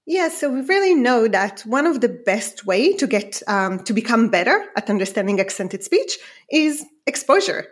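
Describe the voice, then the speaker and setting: Woman guest with a non-native accent, lively researcher explaining a study; high-ish voice, very animated intonation. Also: normal speed, hardly any pauses. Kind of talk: interview explanation.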